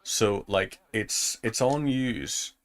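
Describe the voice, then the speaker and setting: A man's voice: fairly low pitch, very slow. A man giving casual commentary while playing a game, chatting to himself as he goes. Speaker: gaming streamer.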